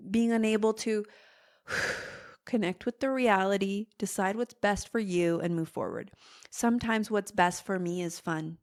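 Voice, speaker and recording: A woman host talks through her point in a relaxed solo podcast, with a voice of middling pitch. She speaks like a friendly therapist and slips into higher, exasperated voices to play out everyday frustrations. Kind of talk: casual solo podcast talk.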